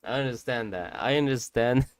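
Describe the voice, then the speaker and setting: A man's voice: mid-range voice, moderate pace, smooth, dry recording. A man streaming a game who tells a long story in casual, rambling talk, with slang and swearing, addressing his viewers directly.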